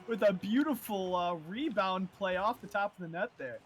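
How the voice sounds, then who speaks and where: A man's voice: high voice, moderate pace, slight background noise. A man giving live esports color commentary, analytical and explaining plays with frequent fillers and restarts.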